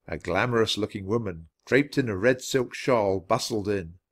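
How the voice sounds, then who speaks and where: A man reading a children's chapter book aloud with expressive storytelling. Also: fairly low pitch, moderate pace. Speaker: storybook reader.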